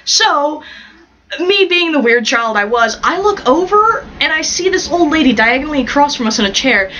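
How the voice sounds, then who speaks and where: A woman's voice: sits high, lively intonation, moderate pace, sharp tone, highs cut off, slight background noise. A woman from the United States telling childhood stories to camera in a vlog, laughing often and acting out the voices of people in them. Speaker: vlogger. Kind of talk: casual storytelling to camera.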